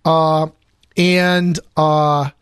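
Hesitant higher-voiced priest on the radio. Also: male voice, little pitch movement, very slow, smooth, no echo, clean studio sound. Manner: hesitant, many fillers, asks questions. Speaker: priest, radio show guest. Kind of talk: casual radio discussion. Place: radio studio.

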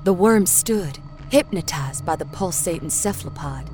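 A woman storyteller narrating a horror story in a steady, expressive reading. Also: fairly low pitch, moderate pace, few pauses. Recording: narration over a faint music score.

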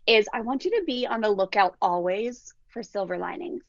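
A woman who is a parenting educator and podcast guest, telling stories in a lively way and acting out quotes, with frequent "like" fillers. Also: normal speed, no room sound. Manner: animated, acts out quotes with big pitch jumps, many "like" fillers. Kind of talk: conversational storytelling interview. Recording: dull, muffled, lo-fi audio.

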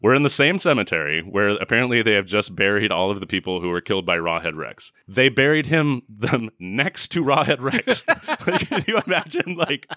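Lively low-voiced man reviewing films. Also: brisk, few pauses, no room sound, studio quality. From United States. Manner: animated, laughs often while recapping. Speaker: podcast host. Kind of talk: casual movie review chat.

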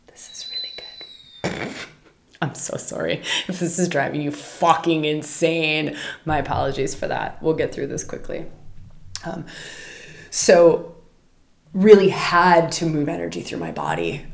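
A middle-aged woman hosting a podcast, teaching meditation in a chatty, animated way and laughing often. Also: low-pitched, creaky, very noisy. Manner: animated, chatty, laughs often, scolds her puppy mid-talk. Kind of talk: casual spoken teaching. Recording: echoey room.

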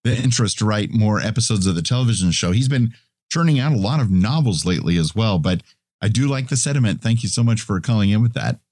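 A man co-hosting a podcast in casual chat, with a relaxed, wry way of talking. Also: on the low side, fast, dry recording, clean studio sound. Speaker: podcast co-host.

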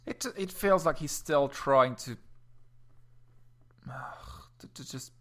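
A man's voice: fairly high pitch, takes it slowly, fairly bright tone. A man co-hosting a casual chat about poetry, often hesitating and repeating words.

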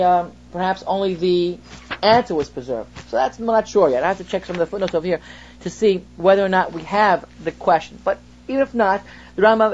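A man's voice: high-pitched, darkish tone. A man who is a rabbi teaching a text-study class to students. He explains through everyday examples, asks rhetorical questions, and reads Hebrew phrases before translating them. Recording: dull lo-fi class recording.

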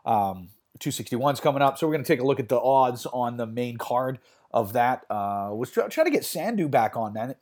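A man's voice: mid-range voice, animated, normal speed, darkish tone. A man hosting a betting podcast in casual chat, rambling with many fillers and restarts. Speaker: podcast host.

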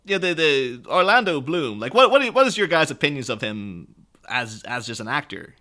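An Irish man in casual podcast conversation about films, animated and quick to laugh. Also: fairly high pitch. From Ireland. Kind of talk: casual film discussion.

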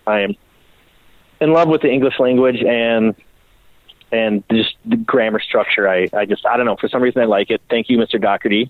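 A man spins a long, rambling tale in a relaxed interview, swearing freely and slipping into the voices of the people he quotes. His voice sits at an ordinary middle pitch. The recording is dry and slightly muffled, with no room sound. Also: no echo. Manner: profane, rambling, animated storyteller who acts out quotes. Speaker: custom bike builder, podcast guest. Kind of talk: casual storytelling in an interview.

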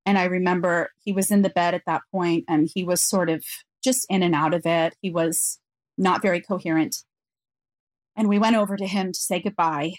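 A woman guest on an interview podcast, telling a personal story in an earnest, reflective way with frequent pauses. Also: fairly low pitch, steady tone, dry recording.

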